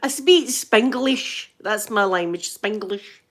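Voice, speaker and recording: A woman's voice: mid-range voice, lively intonation, a little slow, hardly any pauses. A middle-aged Scottish woman chatting casually on a live stream, greeting viewers by name and laughing often. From Scotland.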